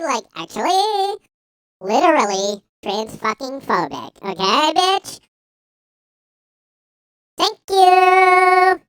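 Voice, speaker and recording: A man doing a mocking impression of a young woman politician, drawn-out and full of filler words, into a close mic. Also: very high-pitched, a bit bright, dry recording, voice pushed up, heavily acted. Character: sneering young woman politician, whiny valley-girl tone. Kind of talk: mocking impression in a podcast rant.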